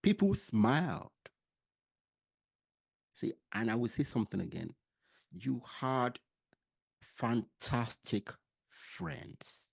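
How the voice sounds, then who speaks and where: A woman hosting a podcast, speaking in slow, emphatic, drawn-out phrases. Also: very deep voice, lively intonation, vocal fry, husky. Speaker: podcast host. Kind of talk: interview comments.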